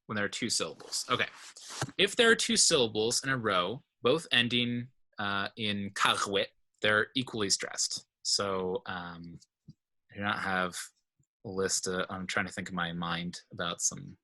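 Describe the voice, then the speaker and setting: A man's voice: on the low side, measured pace, bright, forceful tone. A man teaching a language class, explaining step by step and often checking in with his students. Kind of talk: informal online class lesson.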